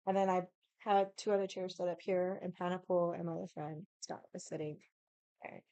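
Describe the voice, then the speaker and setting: A young woman tells a long story at home with a drink in hand, wandering off topic and cursing freely. Her voice is smooth and clear. It is recorded close and dry. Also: lowish voice, steady tone, fairly quick, dark tone, no room sound, dull audio. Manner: swears freely, drifts into tangents; drinking while chatting. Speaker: vlogger. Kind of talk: casual storytelling.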